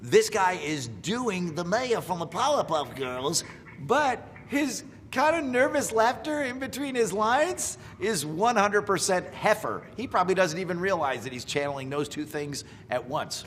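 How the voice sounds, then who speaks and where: A man's voice: high voice, very animated, unhurried, fairly bright tone, long reverb tail, slight background noise. A middle-aged man, a voice actor, giving wry, playful commentary on impressions of his characters. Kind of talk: casual reaction commentary.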